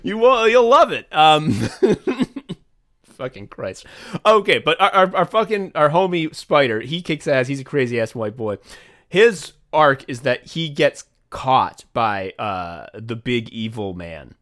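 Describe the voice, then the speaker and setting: A man co-hosting a podcast in casual chat, animated, laughing often and swearing a lot. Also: mid-range voice, unhurried. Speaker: podcast co-host.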